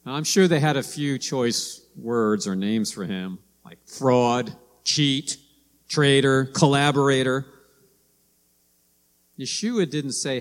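A man preaching a sermon, telling stories and acting out quoted lines in a lively way. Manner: storytelling, acts out quoted lines with rising pitch. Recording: long hall reverb.

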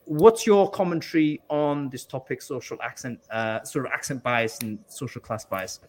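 A man hosts a live online panel, weighing his words and pausing often, with plenty of fillers. His voice sits at an ordinary middle pitch. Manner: thoughtful, hesitant with many fillers. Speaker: host. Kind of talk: hosting a live panel discussion.

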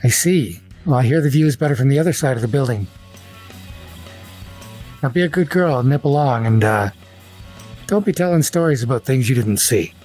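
A man voicing a tall, sharp male high elf police officer who speaks in an oily, mock-polite, threatening way. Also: lively intonation, fairly quick, long pauses, faint music behind, close to an everyday voice. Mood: falsely kind.

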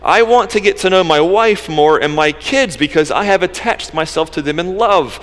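A man preaching a sermon as pastor, conversational, swinging between emphatic lines and hushed asides. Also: on the high side, lively intonation, normal speed, in a large hall. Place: church sanctuary.

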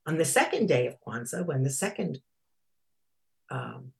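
A slightly rough, gravelly speaker with a medium, sing-song pitch gives an informal talk about Kwanzaa. Between readings from a children's book, there are thoughtful pauses and fillers, and each Swahili word gets spelled out slowly.

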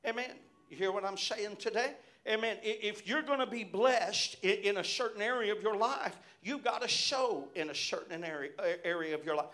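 Preaching at a moderate pace with hardly any pauses, this middle-aged pastor has a high, bright, forceful voice. His sermon is built on personal stories, with his phrases punctuated by amen after amen.

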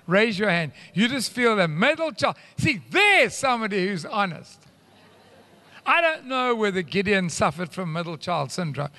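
A man preaching a sermon with animated swings between loud and hushed, and rambling asides. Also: sits high. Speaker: pastor. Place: church hall. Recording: live church hall reverb.

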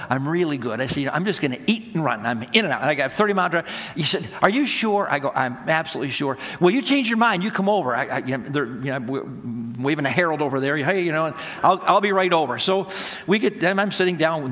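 A man's voice: a little high, quick pace, fairly bright tone. A man preaching, telling a folksy story and acting out the dialogue. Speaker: pastor. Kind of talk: sermon storytelling. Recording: long hall reverb.

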